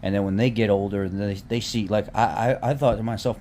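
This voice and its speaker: A man's voice: fairly low pitch, fairly even intonation, fairly quick, hardly any pauses, a little mellow, slight background noise. A man in his thirties ranting casually to his viewers, heated and swearing freely, often restarting and repeating words. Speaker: vlogger. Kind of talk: casual rant to camera.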